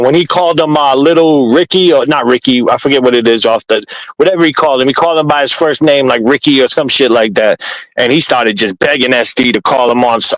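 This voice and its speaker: A man's voice: medium pitch, a bit bright, no echo, rough recording. A man telling a long, profane story in casual talk on a live stream panel. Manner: rambling, heated, profane.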